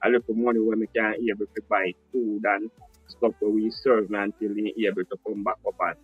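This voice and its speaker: A man's voice: lowish voice, little pitch movement, a little fast, breathy edge, no room sound, phone-quality sound, faint music behind. A Jamaican man telling his life story earnestly as an interview guest, slipping into patois, heard over a phone on a live call. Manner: earnest, speaks in Jamaican patois-tinged English.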